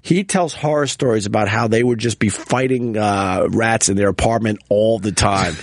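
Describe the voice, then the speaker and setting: A man's voice: on the low side, normal speed. A man hosting a talk show in casual chat, rambling and swearing as he tells stories, stammering now and then.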